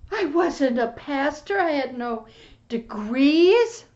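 Woman pastor, testimony lesson, high voice, slow and soft, whispery, lo-fi muffled audio. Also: expressive. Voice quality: soft, often whispered, emotional delivery. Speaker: pastor and teacher. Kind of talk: sermon-like spiritual testimony. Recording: muffled lo-fi recording.

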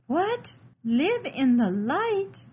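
A timid, frightened spirit child, put on by a woman reading a devotional story asks one anxious question after another. The voice sits a little high and stays lonely and unsure. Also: measured pace, darkish tone, a little hiss or hum, poor audio. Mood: bewildered.

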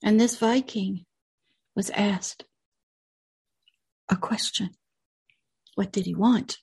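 A woman's voice: mid-range voice, slow, creaky, long pauses, darkish tone, breathy edge. A woman hosting a religious video channel, retelling a film in an earnest, unscripted way with emphatic repetitions.

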